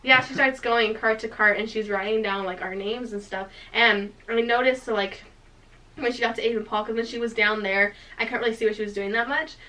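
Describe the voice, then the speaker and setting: A young woman vlogger with a bright, lively voice pitched on the higher side. She rushes through her story with endless fillers and bursts of laughter. She sits a short way back from the microphone. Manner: animated, heavy filler "like", laughing. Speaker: vlog host. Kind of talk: storytime chat. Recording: voice a bit distant from mic.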